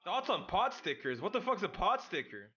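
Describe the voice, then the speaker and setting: A young man streaming a video game, chatting casually with his chat in an excitable, slangy way. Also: high-pitched, normal speed, husky, lo-fi sound. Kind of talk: casual live-stream chat while gaming.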